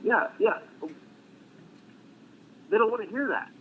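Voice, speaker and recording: A man's voice: high-pitched, slow. Blunt, profane man on a tinny line. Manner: blunt and profane, dark humor. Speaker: military veteran guest. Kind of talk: casual storytelling on a live stream. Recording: tinny phone-like line with faint noise.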